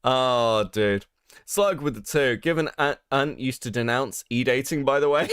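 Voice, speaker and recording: A man's voice: mid-range voice, unhurried, fairly bright tone, smooth, no room sound, studio quality. A British man hosting a casual livestream, sarcastic and swearing a lot, reading chat and reacting to screenshots. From Britain. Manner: sarcastic, swears a lot, mocking voices when quoting others. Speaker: streamer host.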